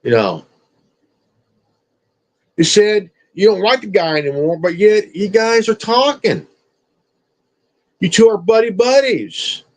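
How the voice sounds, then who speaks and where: A man's voice: high voice, animated, slow pace, long pauses, low-quality recording. A man streamer ranting at someone in a confrontational, profane, repetitive way. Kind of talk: confrontational rant.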